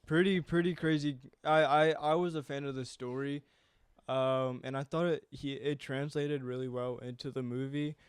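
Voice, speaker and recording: A young man talking through a film in loose, rambling podcast chat, with the odd swear. His voice is smooth and resonant, and his pitch sits mid-range. The sound is close and dry. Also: steady tone, moderate pace, dry recording. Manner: casual, rambling, swears freely. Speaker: podcast co-host. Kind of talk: casual chat.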